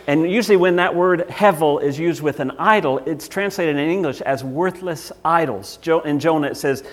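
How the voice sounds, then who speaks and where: Animated Southern pastor preaching. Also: male voice, on the high side, normal speed, few pauses. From Southern United States. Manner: conversational preaching, animated and emphatic. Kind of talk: sermon.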